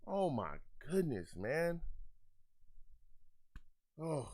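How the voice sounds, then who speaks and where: A young man calls a game live for his fan show, his voice riding a little high and swinging wildly from low grumbles to loud outbursts. He rants in exasperation, says the same complaint over and over, and stops to read chat comments aloud. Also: very animated, extremely slow. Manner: exasperated, ranting, repeats himself.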